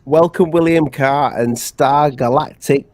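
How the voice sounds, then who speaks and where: A man's voice: on the high side, a little slow, darkish tone, dry recording. Hesitant man on a dry mic. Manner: hesitant, stumbling, diplomatic. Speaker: panel guest. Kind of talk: casual live panel chat.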